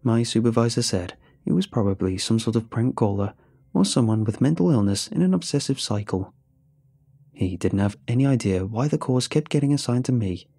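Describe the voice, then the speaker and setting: A man narrates a first-person horror story with a dark, mellow tone and a husky edge to his voice. He keeps the delivery measured and suspenseful, letting the tension build line by line. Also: medium pitch, expressive, no room sound, clean studio sound.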